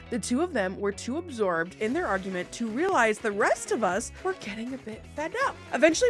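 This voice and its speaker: A young woman reading internet stories aloud and reacting with blunt, expressive, opinionated asides. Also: a little high. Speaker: online storyteller.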